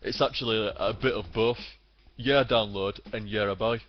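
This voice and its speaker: A man's voice: lowish voice, steady tone, normal speed. A British man in his twenties, a gaming streamer, ranting bluntly and swearing a lot in casual commentary. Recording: slightly dull lo-fi sound.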